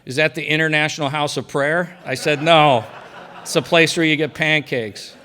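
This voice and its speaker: A man's voice: fairly high pitch, fairly even intonation, moderate pace. Man telling his faith testimony. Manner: storytelling, dropping quiet for quoted lines and rising on key moments. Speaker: guest speaker sharing testimony. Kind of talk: personal testimony speech. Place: banquet hall at a breakfast event.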